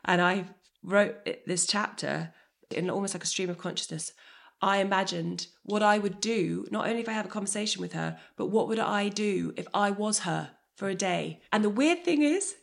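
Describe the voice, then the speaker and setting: Her medium-pitched voice carries some vocal fry at a normal pace. She's a guest in her thirties, energetic and emotionally candid in the conversation, with occasional swearing.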